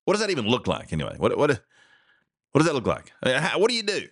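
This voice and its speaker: A man's voice: medium pitch, wildly swooping pitch, a little fast, a bit bright, no room sound, clean studio sound. A man hosting a talk radio show, rambling through stories in a casual, folksy way with frequent chuckles and asides. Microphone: studio mic.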